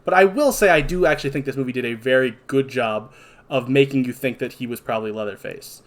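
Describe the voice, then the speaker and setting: A man's voice: medium pitch, quick pace. A young man co-hosting a casual podcast, recapping a horror film plot in a rambling way with many fillers. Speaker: podcast co-host. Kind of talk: casual movie review chat.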